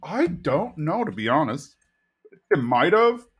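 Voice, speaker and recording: A man's voice: on the high side, very animated, unhurried, husky. A young man in casual podcast chat, retelling a cartoon episode and acting out the characters' lines. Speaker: podcast co-host recapping episodes.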